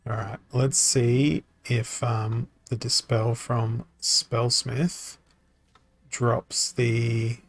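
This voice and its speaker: A man streaming a card game, thinking aloud in a halting, self-mocking way, his voice tired and worn from talking. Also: mid-range voice, level tone, dry recording. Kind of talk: casual live-stream commentary.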